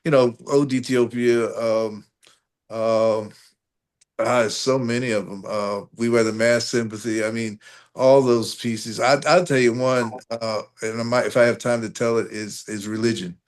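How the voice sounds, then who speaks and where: A man's voice: medium pitch, unhurried. A man from North Carolina, a guest poetry performer, chatting easygoingly on a video call with folksy sayings. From North Carolina, USA. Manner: relaxed storyteller, folksy sayings and chuckles. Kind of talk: casual video-call interview.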